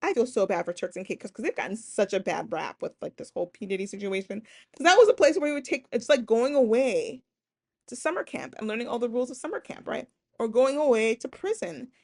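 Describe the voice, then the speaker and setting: Female podcast host, slightly higher voice, casual lecturing, animated delivery. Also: brisk, vocal fry. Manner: animated, acts out quoted voices, keeps asking "right?".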